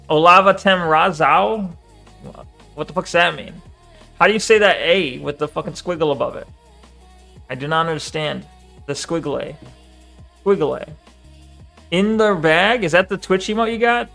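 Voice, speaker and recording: A man's voice: sits high, creaky, a bit bright. A man streaming live, reading viewers' chat aloud and answering it in a loose, swearing, chuckling way.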